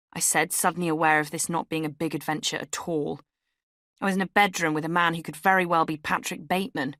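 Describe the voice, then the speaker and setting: A woman's voice: sits low, level tone, fast talker, a bit bright, no echo, studio quality. A young woman reading her own memoir aloud in a wry, candid storytelling manner. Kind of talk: audiobook memoir narration. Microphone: studio microphone.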